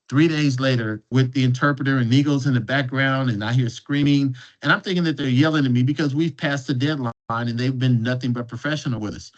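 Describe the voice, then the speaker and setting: Guest speaker, man, mid-pitched, casual anecdotal delivery with restarts, muffled lo-fi audio. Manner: restarts and repeats words while telling a story. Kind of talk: conversational storytelling.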